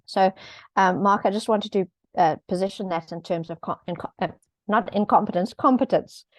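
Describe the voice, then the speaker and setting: A woman's voice: medium pitch, moderate pace, no echo. A middle-aged woman explaining governance topics in a conversational way, with light laughs and frequent ums. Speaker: governance expert speaking on a panel. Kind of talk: conversational explanation in an online event.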